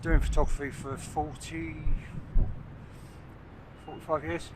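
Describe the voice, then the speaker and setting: This vlogger, a landscape photographer around sixty, has a somewhat high voice that stays level and moves slowly. Standing on a coastal cliff as the sun sets, he takes pictures and muses aloud to camera in a loose, rambling way full of "uh"s and hesitations. Noise from the outdoors is plainly heard in the background.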